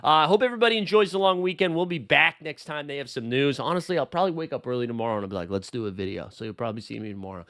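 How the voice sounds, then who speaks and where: Lively, joking male sports host. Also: a little high, racing, few pauses, clean tone. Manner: chatty, self-mocking, jokey. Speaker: host of a basketball news channel. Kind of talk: casual solo commentary.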